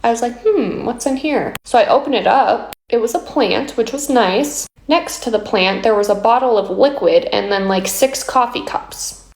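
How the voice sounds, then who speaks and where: A woman's voice: a little high, moderate pace. Matter-of-fact woman storyteller, echoey room. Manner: matter-of-fact, recounts events step by step. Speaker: homeowner telling a story in a social video. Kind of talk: casual storytelling to camera.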